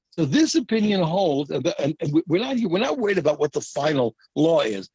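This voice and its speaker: A man's voice: fairly high pitch, slightly rough, dry recording, rough recording. A man teaching a daily Talmud lesson, explaining the cases by acting out both sides of each argument and often repeating words as he goes. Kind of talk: daf yomi Talmud lesson.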